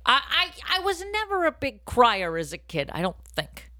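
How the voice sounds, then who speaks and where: Bright, wisecracking podcast co-host, woman from Boston, dry close sound. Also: on the high side, moderate pace, no echo. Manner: wisecracking, deadpan asides, loud laughter. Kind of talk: comedic casual chat.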